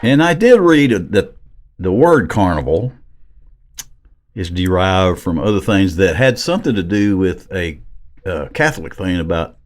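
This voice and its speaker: Deep-voiced Southern man hosting. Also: sing-song, measured pace. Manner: joking and rambling, laughs often. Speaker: podcast host. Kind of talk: casual chat.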